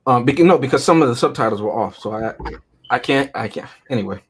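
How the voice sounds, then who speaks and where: A man's voice: medium pitch, animated, fast talker, slight background noise. A man co-hosting a casual movie-review podcast, retelling film scenes with laughter and acting out the quotes. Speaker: podcast co-host.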